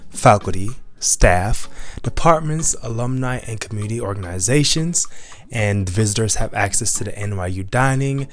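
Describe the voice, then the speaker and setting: A man's voice: lowish voice, expressive, normal speed. Upbeat man hosting a campus tour. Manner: upbeat, talks straight to viewers. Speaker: host of a campus tour show. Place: outdoors in a busy city park.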